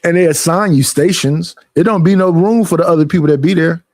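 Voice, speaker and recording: A young man with an unusually high voice for a man rants on a casual stream, swearing freely and complaining in an animated way. He talks fairly quickly, and the sound is dry and close with no echo or room around it.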